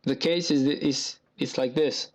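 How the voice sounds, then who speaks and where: A man's voice: medium pitch, fairly even intonation, a little slow. A man giving gameplay commentary, venting in an agitated, repetitive way as a gaming YouTuber.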